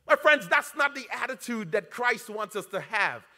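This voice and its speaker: Preaching pastor, bright, church reverb. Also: male voice, animated, moderate pace. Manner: preaching with dramatic swings in pitch and loudness. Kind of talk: sermon. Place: church sanctuary.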